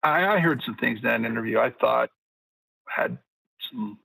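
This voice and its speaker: Gravelly husky guy calling in, easygoing, dry close sound. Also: medium pitch, sharp tone, no room sound, poor audio. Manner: measured, agreeable, many "yeah"s. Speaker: caller. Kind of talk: casual chat.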